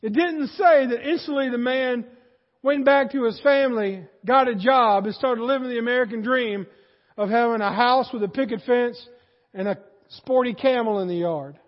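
Male pastor, sermon, animated, shouts and hushed asides, dull sound, long hall echo. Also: extremely high pitch, normal speed.

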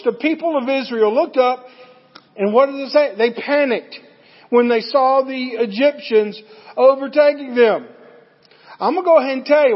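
A man preaching a sermon in a folksy, earnest way, pushing his emphasis up as he goes. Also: extremely high pitch. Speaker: pastor. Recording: muffled sound in a reverberant hall.

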